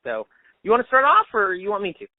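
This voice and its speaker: A relaxed man co-hosting a casual podcast, his voice a touch high. He talks in an easygoing way with frequent laughs. The audio is narrow and phone-like, and the room is dry. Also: fast talker, dry recording. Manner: easygoing, laughs often, many fillers. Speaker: podcast co-host, high school teacher. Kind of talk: casual chat. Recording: tinny phone-like sound, dry.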